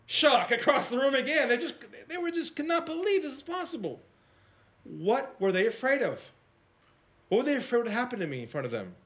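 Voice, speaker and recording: Animated man telling a sales story. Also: fairly quick. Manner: animated, swings between hushed quoted lines and high excited narration; repeats and restarts words, asks the audience questions. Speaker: sales coach. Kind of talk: storytelling keynote talk.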